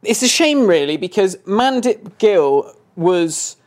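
A man co-hosting a casual podcast chat, animated and sweary, laughing often. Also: sits high, slow. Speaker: podcast co-host.

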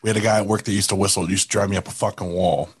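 Fast-talking husky low man. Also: steady tone. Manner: blunt, profane. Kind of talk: casual chat.

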